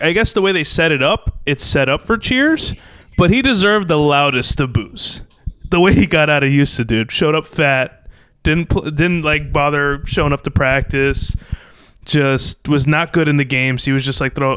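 A young man from the New York area hosting a casual sports podcast, animated and blunt, acting out little quoted exchanges. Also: on the high side, a little fast, clean tone, no room sound. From New York metropolitan area. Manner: animated, talks in restarts and acted-out quotes, blunt opinions. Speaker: podcast host.

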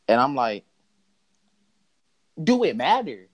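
A young man telling a story in casual chat, animated and mocking, laughing as he goes. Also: medium pitch, slow, long pauses. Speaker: podcast host telling a story.

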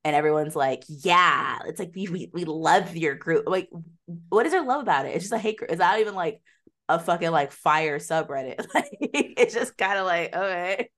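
A woman's voice: fairly low pitch, expressive, normal speed, a bit bright. A woman co-hosting a podcast, recapping a show in casual, laughing chat full of swearing and fillers. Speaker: podcast co-host.

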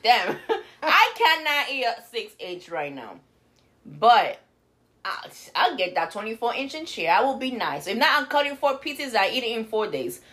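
A woman's voice: fairly high pitch, fairly bright tone. A woman co-hosting a podcast in casual chat, crude and joking, slipping Spanish words into her English. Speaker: podcast co-host.

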